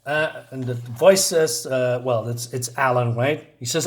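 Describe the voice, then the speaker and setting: A man's voice: mid-range voice, unhurried, hardly any pauses. A man reviewing a comic book, recapping the plot in a rambling, casual way and reading character lines aloud.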